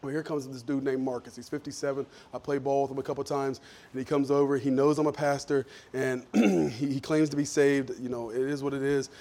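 A middle-aged man, a pastor preaching a sermon, telling stories in a folksy way with lively swings in loudness. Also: mid-range voice, a little fast.

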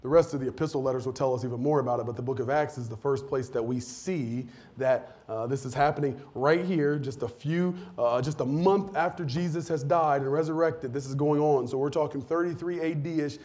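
A man's voice: mid-range voice, a little fast, hardly any pauses, darkish tone. A man preaching a sermon in a chatty way, often laughing and acting out quotes. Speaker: pastor.

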